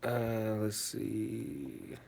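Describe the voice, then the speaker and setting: A man in his thirties delivering a loud, profane comedic rant, mock-scolding his chat as a streamer. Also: fairly low pitch, very animated, drawn-out words, vocal fry, a little hiss or hum.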